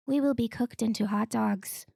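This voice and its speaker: A solemn adventurer played by a woman speaks in a high, gravelly voice, drawing out each word slowly and dropping at times to a hush. She delivers dire warnings with a dark, heavy tone. The sound is dry and close. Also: no room sound, exaggerated voice. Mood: urgent. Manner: slow, solemn, partly whispered delivery.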